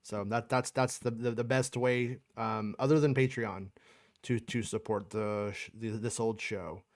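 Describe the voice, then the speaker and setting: A man's voice: fairly low pitch, steady tone, measured pace. A man hosting a casual livestream chat, rambling and cursing, with frequent restarts. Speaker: podcast host.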